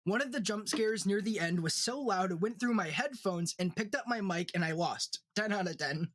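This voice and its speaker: A man co-hosting a casual podcast chat, relaxed, laughing often and trailing off into restarts. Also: high-pitched, normal speed. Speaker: podcast co-host.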